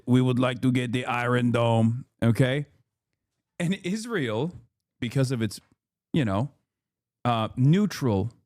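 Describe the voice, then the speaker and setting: A man's voice: on the high side, dry recording, studio quality. A man in his thirties giving casual live-stream commentary on the news, ranting in a heated, sarcastic and profane way.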